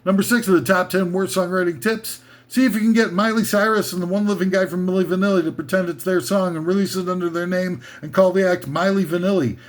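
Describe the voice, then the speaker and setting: A man with a rather high voice runs a rambling, sarcastic comedy rant as the host of a list show. He leans heavily on fillers, wandering mid-thought before landing on a dry punchline. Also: steady tone, fast, hardly any pauses.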